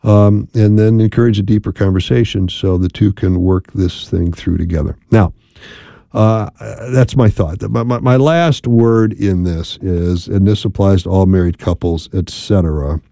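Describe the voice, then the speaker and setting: A man hosting a call-in radio advice show as a marriage therapist, speaking in a calm, measured way and often checking in with "right?". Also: deep voice, creaky, no room sound.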